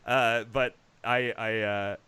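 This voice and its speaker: A man's voice: mid-range voice, slow pace, smooth. A man hosting a casual live-streamed movie talk show, rambling and laughing as he talks. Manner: animated, laughing, rambling with restarts.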